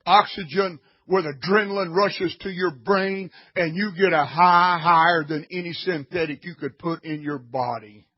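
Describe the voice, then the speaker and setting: Male preacher, blunt and scolding, high husky voice, dull lo-fi recording. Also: steady tone, moderate pace, hardly any pauses. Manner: blunt, scolding, rising to shouts. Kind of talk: sermon.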